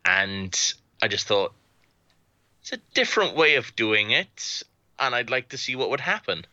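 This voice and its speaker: A man's voice: mid-range voice, very animated, a little slow, pushed and bright, no echo. A man chatting casually on a podcast, rambling and laughing as he tells stories. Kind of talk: casual chat. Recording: dry, dull lo-fi mic.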